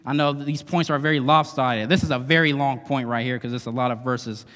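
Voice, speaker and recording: A man's voice: medium pitch, fairly even intonation, brisk, fairly bright tone. A male guest preacher giving a conversational, emphatic sermon in a church, often adding tag questions. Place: church sanctuary. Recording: long hall reverb.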